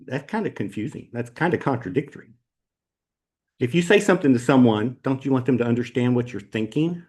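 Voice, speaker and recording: A man's voice: medium pitch, animated, a little fast, darkish tone. A man teaching a Bible class at church, talking casually with ums and rhetorical questions as he walks through slides.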